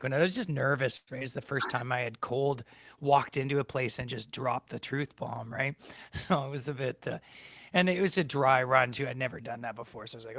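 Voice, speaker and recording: A man's voice: medium pitch, vocal fry, a bit bright, no echo, studio quality. A man hosting a casual livestream chat, rambling, heated and swearing a lot. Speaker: livestream host. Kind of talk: casual chat on a video call.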